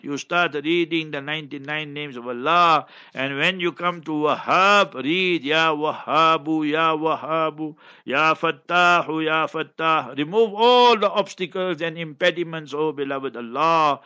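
Male preacher, sharp forceful delivery, fiery Q&A sermon, muffled lo-fi sound. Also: fairly high pitch. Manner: impassioned, fiery, recites Arabic in chant. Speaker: Islamic scholar answering questions. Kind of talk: preaching Q&A talk. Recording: dull lo-fi recording.

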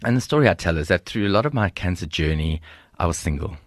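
A middle-aged South African man with a South African accent, a guest telling stories in an interview in an animated, humorous way. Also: low-pitched, quick pace, dry recording, studio quality. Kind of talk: storytelling interview.

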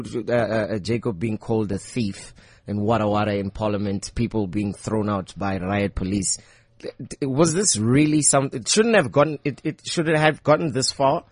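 A man's voice: medium pitch, dry recording. A man hosting a casual, joking morning radio show in a studio. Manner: loose, joking and upbeat. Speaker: radio host. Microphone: studio microphone.

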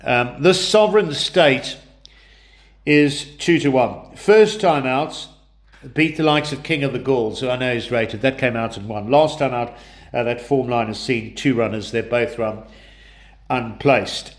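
A man's voice: medium pitch, measured pace. A man delivers a racing tips preview, his voice stuffed up and congested from flu. He talks in a plain, businesslike way, rattling off runner numbers and odds one after another. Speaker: horse racing tipster.

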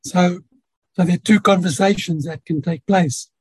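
A man speaking as a guest in an interview, giving earnest, gentle advice about relationships with homely examples. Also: high-pitched, moderate pace, breathy edge, no room sound, rough recording. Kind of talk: reflective conversational advice.

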